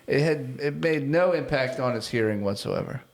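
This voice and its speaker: A man's voice: medium pitch, lively intonation, normal speed. A young man co-hosting a comedy podcast, chatting loosely with crude, laughing banter. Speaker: podcast co-host. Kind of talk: casual comedy podcast chat.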